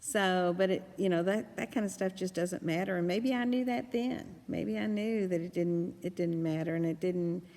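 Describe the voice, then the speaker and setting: A woman's voice: fairly low pitch, normal speed, few pauses, darkish tone. A middle-aged woman, rambling through a casual reflective monologue with many restarts and fillers. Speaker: blogger and podcast host. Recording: long reverb.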